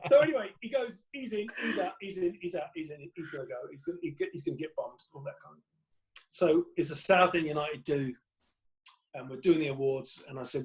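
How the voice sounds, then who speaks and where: A middle-aged English comedian, a podcast guest, telling lively stories and acting out voices. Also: male voice, on the high side, brisk. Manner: lively, acts out voices and laughs mid-story. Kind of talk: animated storytelling.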